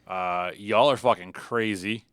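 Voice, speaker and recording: Laid-back guy hosting a podcast, lowish voice, dry close sound. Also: measured pace, clear, resonant tone, no room sound. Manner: relaxed, asks loose follow-up questions. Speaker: podcast host. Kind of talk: casual chat.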